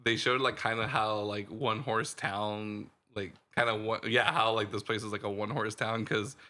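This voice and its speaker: A man's voice: lowish voice, little pitch movement, normal speed, pushed and bright. A man co-hosting a podcast, chatting casually about a film in a rambling way with lots of fillers. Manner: rambling, heavy on fillers like "like" and "dude". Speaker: podcast co-host. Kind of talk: casual movie-review chat.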